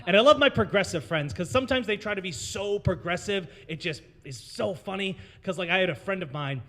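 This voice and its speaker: A man's voice: sits high, lively intonation, fairly quick, fairly bright tone. A young American man hosting an open mic in a brewery, doing a rambling, self-mocking stand-up set and working the crowd. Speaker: open mic host and comedian. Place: brewery taproom.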